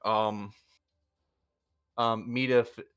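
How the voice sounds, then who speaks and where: A man narrating as game master in a tabletop game, halting with many fillers. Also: on the low side, flat delivery, a bit bright, clear, resonant tone. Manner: halting, filler-heavy narration with quick voiced asides.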